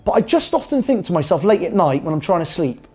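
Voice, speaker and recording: A man telling a comic anecdote in a lively, self-amused way. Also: high voice, quick pace, slightly rough, soft background music. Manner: animated, self-amused storytelling. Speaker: comedian.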